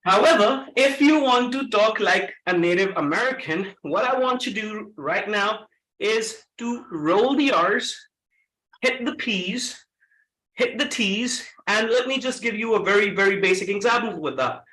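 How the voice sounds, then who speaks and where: A man runs a lively pronunciation workshop and keeps quizzing the audience. His voice sits high and bright, and it rings around an echoey meeting room. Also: a little slow. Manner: energetic, coaxes the audience with questions. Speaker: speaker at a public-speaking club.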